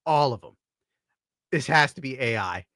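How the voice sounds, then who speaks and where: A streamer host from upstate New York browses while delivering crude, sarcastic commentary, laughing often. His medium-pitched voice is animated, pushed and bright at a moderate pace, recorded at studio quality with no echo.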